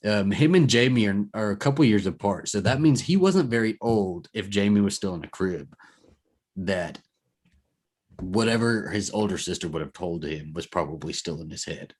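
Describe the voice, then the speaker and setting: A man's voice: fairly low pitch, lively intonation, normal speed, a little mellow, breathy edge. A man hosting a podcast in casual chat, reading listener stories aloud and rambling with fillers and self-corrections. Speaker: podcast host.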